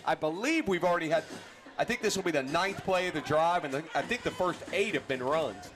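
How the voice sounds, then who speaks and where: A man doing casual color commentary on a high school football broadcast, chatty and joking with his co-hosts. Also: animated, fairly quick, soft background music. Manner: joking, chatty, asks questions. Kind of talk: casual sports banter.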